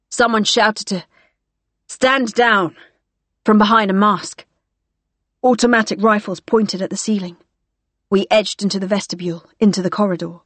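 A woman's voice: medium pitch, dry recording. A woman narrating a first-person novel, with a dry, wry storytelling manner. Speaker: audiobook narrator.

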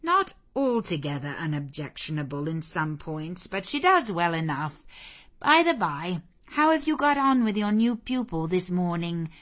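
Calm old housekeeper, a woman reading; brisk, unruffled, plain-spoken, slightly low voice. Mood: placid. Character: elderly widowed housekeeper, calm and matter-of-fact.

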